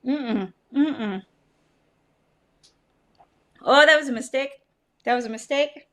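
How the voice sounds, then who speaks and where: A woman's voice: high voice, slow pace, a bit bright. A woman hosting a casual livestream whiskey tasting, chatty and cussing, groaning dramatically at the flavors. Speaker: livestream host.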